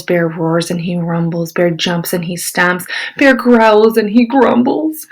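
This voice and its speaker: A woman teacher reading a picture book aloud to children, expressive, with whispered asides. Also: fairly low pitch, slow pace, rough recording.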